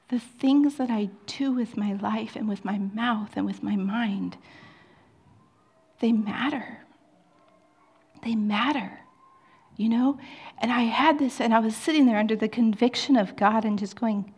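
Breathy woman pastor preaching. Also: fairly high pitch, unhurried, pauses often. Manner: drops to hushed whispers, rises to emphatic peaks. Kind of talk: sermon.

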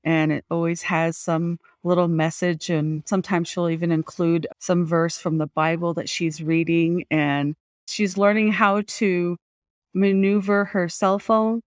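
A woman speaks fondly of her mother in a smooth, clear voice. She laughs easily and stops now and then to find her words. The sound is dry and close. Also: on the low side, little pitch movement, dry recording. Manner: warm, laughs often, pauses to recall. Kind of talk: personal reflection.

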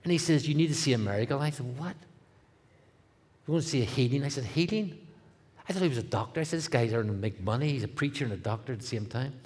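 A middle-aged man with a Northern Irish accent, a guest speaker telling his testimony in a comic, animated way, dropping to a hush and rising loud. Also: medium pitch, fast, breathy edge. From Northern Ireland. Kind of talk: testimony storytelling.

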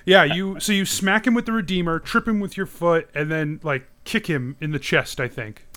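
A man narrating and running a tabletop role-playing game in a casual, quick way. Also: fairly high pitch, sharp tone. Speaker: game master.

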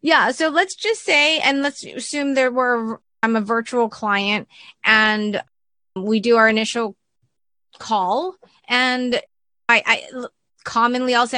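A woman's voice: a little high, steady tone, slow pace, sharp tone, dry recording. A woman hosting a casual interview, curious and upbeat, steering the chat with questions.

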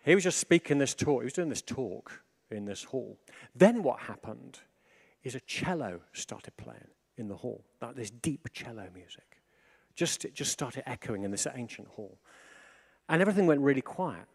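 A man preaching in a relaxed, conversational way. His delivery is animated, dropping to a hush and then lifting with excitement. His voice sits at a middle pitch. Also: normal speed, creaky, breathy edge. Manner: animated, swings between hushed and excited. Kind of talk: informal sermon.

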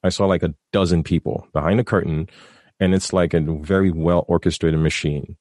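A guest on a casual podcast earnestly recounts a personal story, rambling and restarting his sentences as he goes, and the telling is emotional and heartfelt. His low-pitched voice is a little mellow, with fairly even intonation and a moderate pace. The recording is dry, with clean studio sound.

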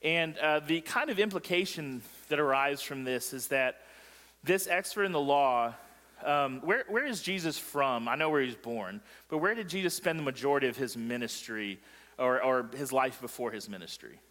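A man's voice: medium pitch, lively intonation, moderate pace, fairly bright tone, long reverb tail. A male pastor preaching a sermon in a joking way, quizzing the congregation as he goes. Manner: joking, asks the congregation questions. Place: church sanctuary.

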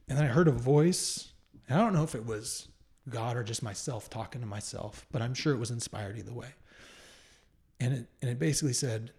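A man's voice: medium pitch, animated, brisk. Man, 30s, interview guest, earnest and reflective, candid personal telling. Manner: earnest, reflective, with fillers and restarts. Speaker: guest telling his story.

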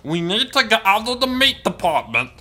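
A man's voice: high-pitched, very animated, moderate pace, pushed and bright, full character voice. A man voicing a panicky, nervous husband in improvised comedy role-play, stammering and rambling. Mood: panicked. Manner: stammering, rambling, restarts every phrase. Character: panicky nervous husband hiding at a grocery store.

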